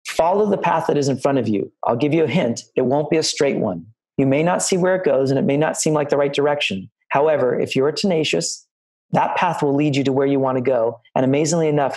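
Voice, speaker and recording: A man's voice: mid-range voice, creaky, darkish tone, poor audio. Middle-aged man sharing set stories over a video call, loose and rambling. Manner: anecdotal and rambling, with many restarts. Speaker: line producer giving career advice. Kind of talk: talk to film students on a video call.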